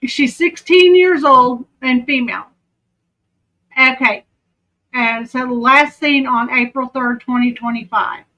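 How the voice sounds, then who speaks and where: A woman's voice: high voice, unhurried, pushed and bright, low-quality recording. A woman with a Southern accent giving casual true crime commentary, chatty and often breaking off to aside. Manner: chatty, self-interrupting.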